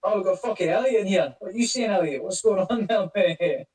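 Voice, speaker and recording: A man's voice: sits high, expressive, a little fast, darkish tone, echoey room, recorded from a distance, poor audio. A man hosting a casual online voice chat, rambling and swearing as he greets listeners by name. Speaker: crypto project lead hosting a community voice chat.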